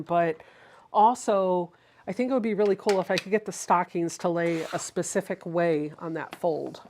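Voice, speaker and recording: A woman's voice: medium pitch, darkish tone, a little hiss or hum. A woman hosting a casual sewing livestream. She chats through each step and reads viewer comments aloud.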